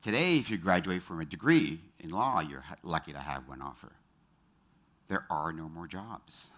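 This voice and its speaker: A man's voice: sits low, expressive, fairly bright tone. A middle-aged man giving a motivational talk on stage, quizzing the audience and telling personal stories. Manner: engages the audience with quick show-of-hands questions; storytelling, personal anecdotes. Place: stage in front of a live audience.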